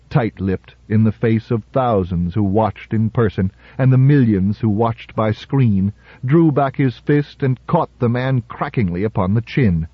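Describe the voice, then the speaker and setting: A man narrating a story in a measured, dramatic audiobook reading. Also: lowish voice, breathy edge, dry recording. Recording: slightly muffled audiobook recording.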